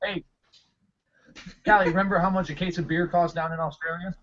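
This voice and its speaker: Relaxed co-host man, lo-fi sound. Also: high voice, brisk. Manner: relaxed, filler-heavy explaining. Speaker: podcast co-host. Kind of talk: casual podcast chat. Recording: dull lo-fi sound.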